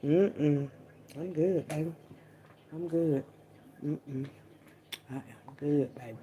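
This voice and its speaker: A woman vlogger holds forth in a loose, rambling monologue, cursing freely and leaning hard on drawn-out words. Her voice has a gravelly, fry-laden edge, and its tone is dark and mellow. She keeps tossing in little asides as she talks. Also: low-pitched, a little hiss or hum. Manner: profane, animated, drawn-out emphasis, frequent asides. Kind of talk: casual rambling monologue to camera.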